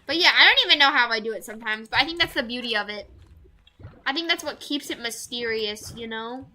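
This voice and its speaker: A woman's voice: fairly high pitch, animated, brisk, bright, forceful tone, slight background noise. A young woman streaming a game, chatting to her viewers in a rambling way with lots of fillers. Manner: rambling, talks to chat with many fillers. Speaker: VTuber streamer. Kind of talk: casual live-stream chat while gaming.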